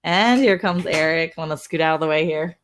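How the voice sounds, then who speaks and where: A woman's voice: low voice, brisk, slight background noise. A middle-aged woman co-hosting a casual livestream, chatty and laughing often as she reads out viewer messages. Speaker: co-host of a livestream. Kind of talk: casual live chat reading comments.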